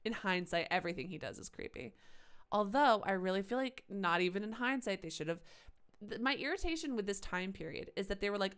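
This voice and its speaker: Chatty woman streaming a game, lively pitch. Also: a little fast, clean tone. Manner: chatty, sarcastic asides. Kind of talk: live gameplay commentary.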